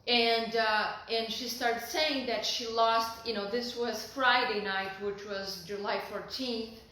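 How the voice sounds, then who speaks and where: A woman's voice: a little high, takes it slowly, bright, forceful tone. A middle-aged woman from Brazil, telling a personal story to camera in a heartfelt, rambling way full of fillers and restarts. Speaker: vlogger. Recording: very echoey room.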